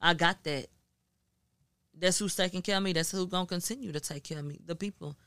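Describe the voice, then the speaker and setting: A woman from Houston, a guest journalist on a podcast, telling a story in casual, profane, animated chat full of acted-out quotes. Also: on the low side, fairly quick, smooth, no room sound. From Houston, Texas.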